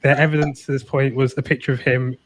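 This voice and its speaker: A man's voice: mid-range voice, little pitch movement, fast talker, heavy background noise. A man co-hosting a podcast, talking in a wry, rambling way and often breaking into laughter. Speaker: podcast co-host. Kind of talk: casual comedic chat.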